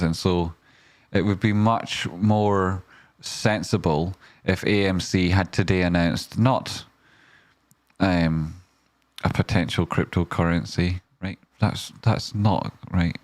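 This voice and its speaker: A man's voice: low voice, dry recording. A man, commenting on stocks in a rambling, casual way with lots of fillers, breaking into sweary rants. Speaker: stock market streamer.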